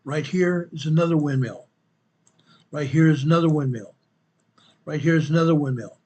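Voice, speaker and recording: A man's voice: on the high side, moderate pace, darkish tone, husky. A man hosting an online show, talking viewers through a map in casual commentary, stressing his points by repeating phrases and calling the audience folks and guys. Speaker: host.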